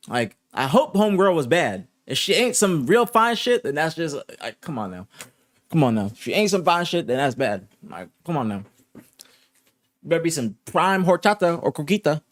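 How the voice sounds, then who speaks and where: A man hosting a live stream in casual chat, ranting in disbelief and swearing freely. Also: on the high side. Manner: incredulous, ranting, heavy swearing. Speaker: streamer host. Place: home streaming setup.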